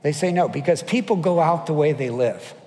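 A man's voice: fairly high pitch, animated, brisk, mellow, long reverb tail. A male pastor preaching a sermon, telling stories and acting out the voices of the people in them, often asking the audience questions. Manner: storytelling, acts out quoted voices, asks the audience questions.

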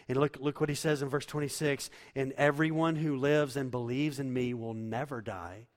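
A man's voice: medium pitch, steady tone, moderate pace, hardly any pauses. Preaching man in a reverberant hall. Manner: preaching from scripture, builds to loud emphatic passages. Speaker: pastor. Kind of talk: sermon.

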